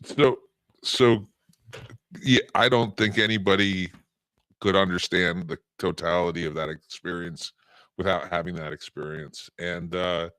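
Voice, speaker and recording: A man's voice: deep voice, fairly even intonation, a little slow, a bit bright, clean tone, dry recording. A man answering in conversation on a talk show, hesitant and restarting his sentences. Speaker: podcast co-host.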